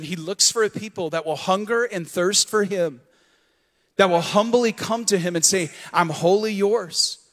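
A pastor preaches a sermon in a church sanctuary, prompting the congregation to repeat his words back to him in call-and-response. His voice is high-pitched and a bit bright, and long hall reverb fills the recording.

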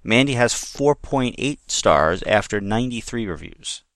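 A man co-hosting a casual podcast chat, talking in a dry, low-key way. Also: lively intonation, a little slow, a bit bright, no echo. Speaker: podcast co-host.

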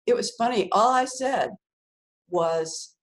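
A middle-aged woman telling a personal story in a relaxed, chatty way, with lots of fillers, restarts and laughs. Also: medium pitch, takes it slowly, rough recording. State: tearful while remembering. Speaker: author, interview guest. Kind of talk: casual storytelling.

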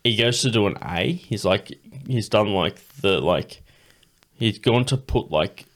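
Aussie guy rambling on a podcast, lowish voice but swings up and down a lot, swears a ton. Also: expressive, measured pace, fairly bright tone. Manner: swears freely, laughs often, rambling storyteller. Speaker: podcast host. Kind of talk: casual chat.

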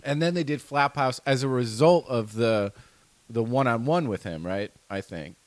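A man's voice: mid-range voice, moderate pace, no echo. A man, a comedian guest on a podcast, talking in casual chat in a reflective, wry, rambling way.

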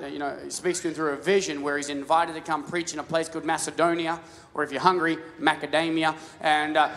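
A man preaching a casual, story-driven sermon, stumbling and restarting his words as he talks. His voice sits a little high for a man. It rings out with a long reverb, as in a large church hall. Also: fairly bright tone, a little hiss or hum. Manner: casual storytelling with many restarts and stammered repeats. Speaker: pastor.

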